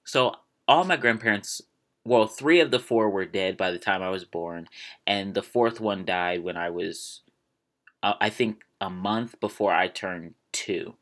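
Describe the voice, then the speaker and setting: A man's voice: deep voice, unhurried, fairly bright tone. A man in his twenties hosting a casual solo show, rambling along with jokey asides. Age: 20s. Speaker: podcast host.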